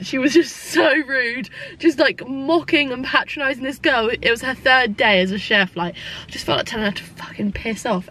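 A woman's voice: a little high, bright, forceful tone, a little hiss or hum. A young British woman vlogging in casual chat at home, giggly and chatty, swearing freely. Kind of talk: casual vlog storytelling. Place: indoors at home.

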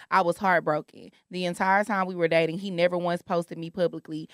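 Lady podcast host reading out an email, lowish voice, dry close mic, slangy and blunt. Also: dry recording. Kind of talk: casual chat, reading a listener email aloud.

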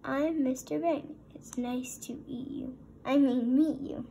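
A woman's voice: sits high, fairly even intonation, unhurried, creaky, warm tone, slight background noise. A woman voicing a sheepish, bumbling grown man who hesitates and stammers. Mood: stammering.

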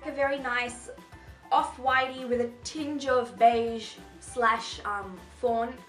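A woman's voice: on the high side, steady tone, slow. A young woman chatting casually through a fashion haul, bubbly and gushing as she talks to camera. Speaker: fashion vlogger. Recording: echoey room with faint music.

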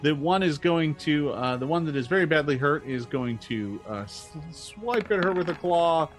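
A man narrating as game master in a relaxed, joking way, with many fillers. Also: a little high, normal speed, soft background music.

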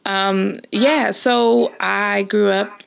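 Woman chatty Californian podcast host, gravelly. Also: medium pitch, steady tone, drawn-out words. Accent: Californian, slight Scottish blend. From California, Los Angeles. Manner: chatty, laughs often, many restarts. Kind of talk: casual chat.

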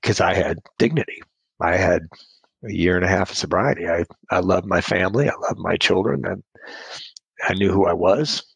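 Low gravelly guy rambling through his recovery story, kinda husky, dry close sound. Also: moderate pace, no echo. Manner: rambling, self-deprecating, laughs at his own jokes. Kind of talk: casual storytelling.

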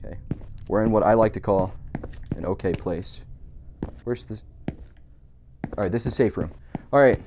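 A man's voice: lowish voice, expressive, a little slow, long pauses, mellow, faint music behind. A man giving jokey, profane commentary while playing a horror game, nervous and talking to himself. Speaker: gamer.

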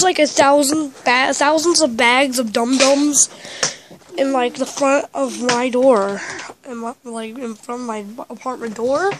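A woman's voice: high voice, measured pace, background noise. A woman chatting casually in a vlog, rambling and talking with a stuffy, congested nose from a cold. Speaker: vlogger.

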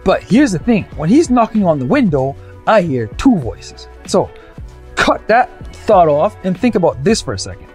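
Young Canadian man, comic monologue, lively sing-song delivery, faint music behind. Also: sits high, moderate pace. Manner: animated, acts out the people in his stories. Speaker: storyteller.

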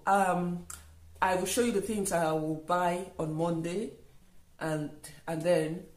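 A woman talking casually through a grocery haul for her vlog, unhurried and thinking aloud with frequent ums and restarts. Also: lowish voice, darkish tone. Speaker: vlogger. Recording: echoey room, voice a bit far from mic.

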